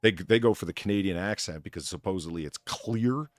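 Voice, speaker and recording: A man hosting a casual chat about accents, animated and a little crude, often trailing off mid-sentence. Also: sits low, a little fast, no room sound, clean studio sound. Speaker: podcast host.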